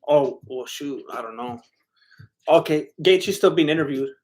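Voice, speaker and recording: A man's voice: on the high side, a little slow. Chatty man commenting on a fight. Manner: chatty, laughs often, relays the interview. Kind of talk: casual live fight watch-along commentary.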